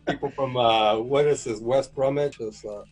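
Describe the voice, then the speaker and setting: Husky-voiced man telling anecdotes. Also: medium pitch, steady tone, normal speed, poor audio. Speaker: guest, PR manager. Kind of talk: casual chat.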